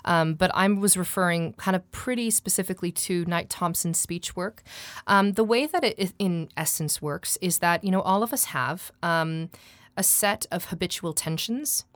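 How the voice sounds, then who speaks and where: Playful woman voice coach, lowish and dry. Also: moderate pace, dry recording. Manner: animated, playful, laughs often. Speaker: voiceover artist and voice coach guest. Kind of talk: casual podcast interview.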